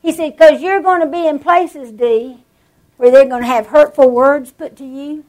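Woman, preacher, sermon, animated storytelling, a little high-pitched. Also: normal speed, poor audio. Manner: animated storytelling, draws out words for emphasis.

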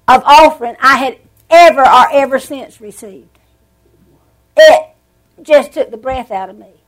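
Woman preaching with lively emphasis. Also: on the high side, poor audio. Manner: animated storytelling, draws out words for emphasis. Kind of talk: sermon.

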